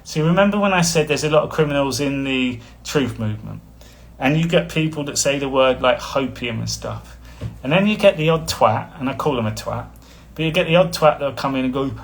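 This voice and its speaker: A man's voice: mid-range voice, lively intonation, a little fast. A man, a spiritual coach talking casually on a live stream, rambling and blunt, with frequent chuckles. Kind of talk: casual livestream talk.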